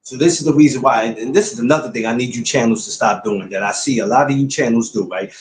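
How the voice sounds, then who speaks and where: A man's voice: medium pitch, quick pace, a little hiss or hum. Blunt man ranting in an echoey room. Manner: blunt, preachy, repeats points. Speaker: podcast host. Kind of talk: casual livestream talk to viewers.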